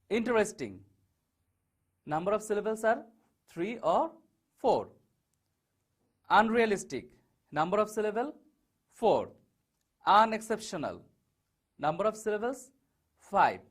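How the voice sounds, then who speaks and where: A man walks a class through syllables and word stress. His voice sits high and swings widely in pitch. He slows down and leans on each example word. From Bangladesh. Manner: slow, stressing key words one at a time. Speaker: teacher. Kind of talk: online English lesson over slides.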